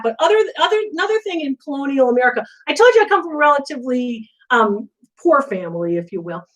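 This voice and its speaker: A middle-aged woman hosting a live antiques Q&A, chatting casually and telling animated stories full of asides. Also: high-pitched, rough recording. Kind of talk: casual live-stream chat.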